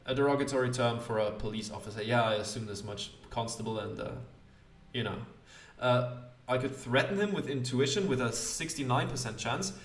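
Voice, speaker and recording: Rambling self-deprecating let's play host. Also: male voice, mid-range voice, fairly quick, echoey room. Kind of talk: casual gameplay commentary.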